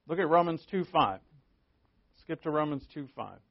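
A pastor preaches a sermon conversationally, joking with his congregation. His fairly high, expressive voice moves at normal speed, heard on a dull lo-fi recording.

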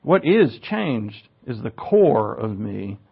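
Gravelly-voiced pastor, conversational sermon. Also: male voice, mid-range voice, very animated, slow pace. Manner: asides and self-corrections, rising emphasis on key words. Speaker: pastor teaching scripture. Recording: dull lo-fi recording.

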